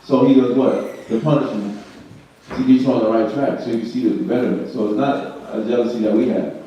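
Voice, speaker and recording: A man's voice: medium pitch, steady tone, fairly quick, mellow, slight background noise. A man leading a Bible study, explaining scripture in a casual, talky way full of rhetorical questions and repeats. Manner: conversational, repeats himself, asks rhetorical questions. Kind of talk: informal scripture teaching. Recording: echoey room, far from mic, muffled.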